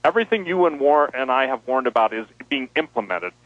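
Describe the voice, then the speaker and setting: A man's voice: mid-range voice, fairly quick, no echo, phone-quality sound. A man as a guest on a talk radio show, speaking emphatically and animatedly. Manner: emphatic, animated, quotes people in voices. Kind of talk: radio interview over a line.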